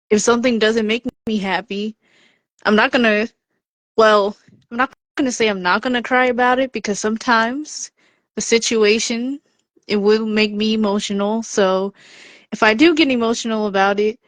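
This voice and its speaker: A woman's voice: a little high, no echo. A woman on a podcast telling a personal story and offering encouragement, acting out the voices she quotes. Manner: lively storyteller who acts out the quoted voices. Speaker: podcast contributor.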